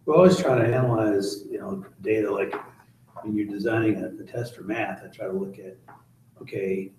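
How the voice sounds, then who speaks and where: A man's voice: fairly low pitch, moderate pace, a little mellow, distant mic, slight background noise. Man heard from across an echoey classroom. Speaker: math teacher. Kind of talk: casual class discussion.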